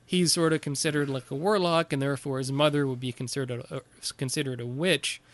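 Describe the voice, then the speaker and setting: A man co-hosting a podcast, chatting casually about a movie and recapping its plot in a halting way, with plenty of fillers. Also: medium pitch, steady tone. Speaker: podcast co-host. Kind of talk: casual movie review chat.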